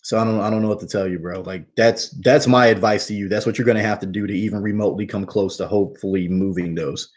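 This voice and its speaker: Laid-back slangy guy, lowish voice. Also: steady tone, quick pace, few pauses. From New Jersey. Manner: slangy, laid-back, calls people bro and man. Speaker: host answering viewer questions. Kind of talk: casual live Q&A chat.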